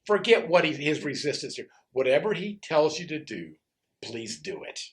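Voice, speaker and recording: A man's voice: on the high side, big pitch swings, moderate pace. A man preaching a sermon voicing Mary as a firm, insistent mother urging others to act. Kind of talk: sermon retelling.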